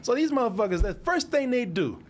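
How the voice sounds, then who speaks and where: A man's voice: extremely high pitch, very animated, brisk, slight background noise. A man on a podcast, telling stories in casual chat, cursing freely and laughing often. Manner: laughing, profane storytelling. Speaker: podcast co-host.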